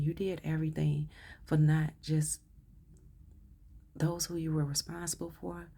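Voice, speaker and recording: A woman with a low, gravelly, husky voice gives a channeled tarot reading. She speaks in an emotional, affirming way and often drops into soft whispers. Her tone is dark and mellow. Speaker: tarot reader.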